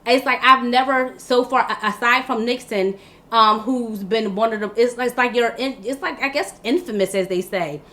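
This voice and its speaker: Woman host, fairly high bright voice, blunt off-the-cuff commentary, stumbles and repeats herself. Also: moderate pace. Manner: blunt, exasperated, many restarts and repeated words. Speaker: vlog host. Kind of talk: casual political commentary.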